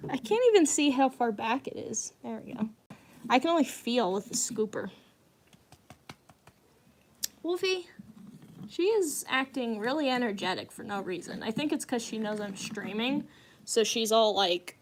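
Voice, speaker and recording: A young woman with a fairly high voice talks casually to her live-stream viewers. She rambles from thought to thought and breaks into frequent giggles as she chats. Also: animated, normal speed, slight background noise. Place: at home indoors.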